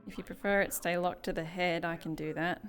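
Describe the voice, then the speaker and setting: A woman's voice: on the low side, steady tone, a little fast. A woman with an Australian accent chatting on her stream, giggly and apologetic as she sets up. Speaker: streamer and role-player. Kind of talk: casual stream chat.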